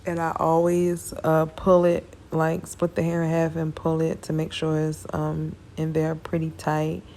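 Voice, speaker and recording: A woman's voice: deep voice, monotone, a little slow, warm tone. A tired woman giving a casual, chatty hair braiding tutorial, talking her viewers through each step. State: tired, yawning.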